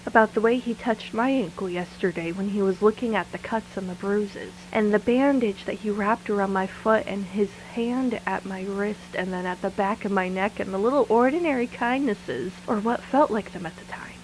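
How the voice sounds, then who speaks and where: A woman's voice: medium pitch, moderate pace, hardly any pauses, slight background noise, lightly acted, low-quality recording. An actress voicing a frightened, sleepless woman who confides her thoughts to a tape recorder in an audio drama monologue. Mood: hushed. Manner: hushed and confiding, then rattled and angry. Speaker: lead character of an audio drama.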